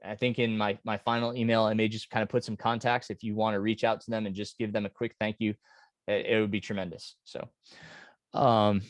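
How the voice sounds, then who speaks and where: A man, a race director, talking casually on a podcast, earnest and grateful, halting with many fillers and restarts. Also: lowish voice, steady tone, no echo, studio quality.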